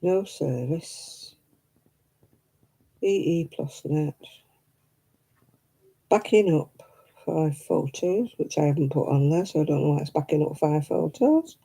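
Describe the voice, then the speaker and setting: A woman's voice: low voice, expressive, slow pace, creaky, long pauses, mellow, husky. A woman hosting a casual craft live stream, chatty and rambling, laughing often.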